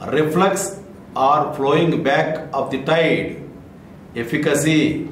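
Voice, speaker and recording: Man, vocabulary drill, spells letter by letter, very slow, echoey room. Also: a little high, a little hiss or hum. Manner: spells each word letter by letter, then gives a meaning. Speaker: vocabulary teacher. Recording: echoey room with faint ambience.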